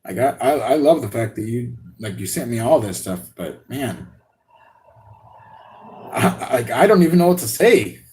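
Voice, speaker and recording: A man hosting a live unboxing stream, talking excitedly and rambling with many restarts and laughs. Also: mid-range voice, unhurried. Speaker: RC hobby channel host.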